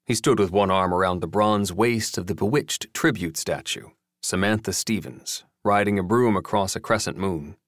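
Guy reading an audiobook, lowish voice, wry steady delivery, dry close mic. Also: normal speed, few pauses, no room sound. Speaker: audiobook narrator. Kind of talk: scripted audiobook narration.

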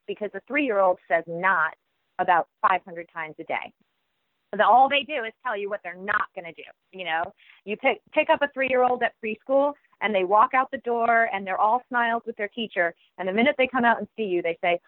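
A woman who writes children's books, answering interview questions in an animated way and acting out children's voices as she tells it. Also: medium pitch, normal speed, no room sound. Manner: animated, acts out children's voices while telling. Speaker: children's book author. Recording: tinny phone line.

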